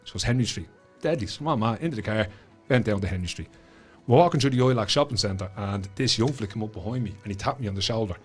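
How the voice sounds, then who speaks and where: A man with a Dublin accent tells a story fast in a fairly low, husky voice over soft background music. As a guest author, he curses liberally and brings his tale to life by voicing each character.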